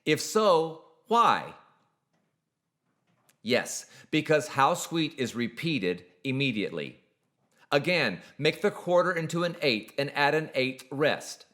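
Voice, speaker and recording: Man with a lively, rising-falling delivery. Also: medium pitch. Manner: measured, precise, explanatory. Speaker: singing teacher. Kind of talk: scripted instructional narration.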